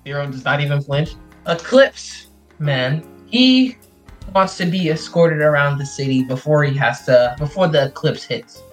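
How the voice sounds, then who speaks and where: Joking, chatty game master, middle-pitched, faint music behind. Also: fairly even intonation, fairly quick, few pauses, poor audio. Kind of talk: narrating a tabletop game.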